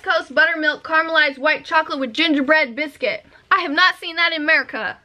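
A young woman, chatting casually to camera while opening fan mail, sassy and excitable, swearing freely. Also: high voice, a little fast, few pauses.

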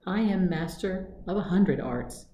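A haughty male fox, sneering and full of boasts, as a woman reads his lines in a storybook. The voice is low and mellow, captured in an echoey room with faint ambience behind. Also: lively intonation, a little slow, muffled recording, slight background noise. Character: arrogant scornful male fox.

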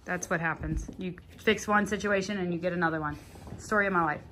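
A woman's voice: fairly low pitch, steady tone, fairly quick, fairly bright tone, a little hiss or hum. A woman with a Southern US accent, chatting casually and a little self-deprecating as she vlogs from her living room. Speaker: vlogger. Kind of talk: casual home vlog.

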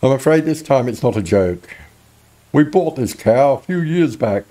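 A man's voice: mid-range voice, lively intonation, normal speed, dark tone, natural voice. A man voicing a worried, chatty middle-aged villager in a video game, talking in an earnest, pleading way. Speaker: game character read aloud.

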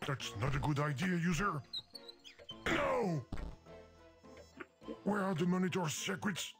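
A man's voice: high-pitched, expressive, takes it slowly, fairly bright tone, heavily acted. A man voicing the game itself, a fussy, exasperated entity that scolds the player. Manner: exasperated scolding, mock despair. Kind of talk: video game voice acting. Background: game music.

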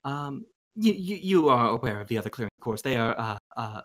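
A man's voice: medium pitch, sing-song, natural voice. A man putting on a haughty artist. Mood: evasive. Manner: haughty, theatrical, halting. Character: pompous, disdainful male artist creature.

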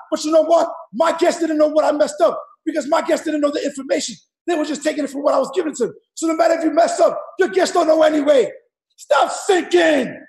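In an echoey room, a high-pitched man with a gravelly voice shouts a motivational speech as a network marketing leader. He's loud and repetitive, hammering the audience with numbered points in rough, street-slang preaching.

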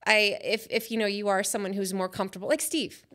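Female guest, upbeat and chatty, easy laughter, mid-pitched voice, casual conversation. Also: fairly even intonation, brisk, fairly bright tone. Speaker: guest, fitness coach from church hospitality team. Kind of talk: casual chat.

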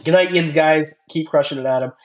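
A man's voice: fairly high pitch, a little fast. A young man casually chatting on his stream, rambling and thanking viewers by name as he reads their comments. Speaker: reptile channel host. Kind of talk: casual livestream chat reading comments.

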